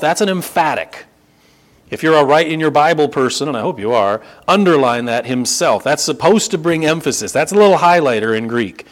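A pastor delivering a sermon, stressing key phrases and repeating them for emphasis. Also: male voice, fairly high pitch, animated, moderate pace.

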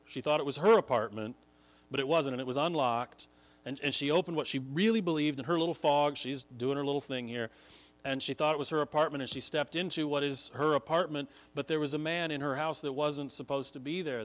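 A man preaching a sermon, telling a story earnestly and building to emphatic points. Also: mid-range voice. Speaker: pastor.

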